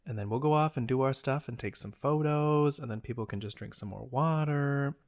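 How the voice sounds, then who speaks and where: A man's voice: mid-range voice, brisk. A man co-hosting a podcast in casual, joking chat, swearing freely and riffing on ideas. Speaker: podcast co-host.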